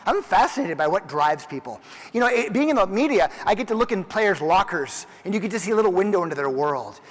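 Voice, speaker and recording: A man in his forties gives a motivational keynote in a large conference hall, telling stories with lively energy and acting out the dialogue of the people in them. His voice is a little high, and the big hall lends a long reverb.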